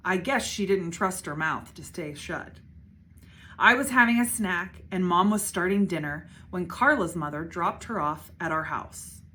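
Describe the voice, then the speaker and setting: A woman, a school principal, reading a children's book aloud with expressive narration. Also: fairly low pitch, unhurried, a little hiss or hum. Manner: expressive, shifting voices for characters.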